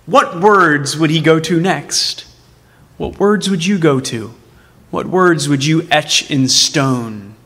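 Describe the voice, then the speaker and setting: A man's voice: on the high side, pushed and bright. A man preaching a sermon as pastor. He speaks emphatically and puts rhetorical questions to his congregation. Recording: long hall reverb.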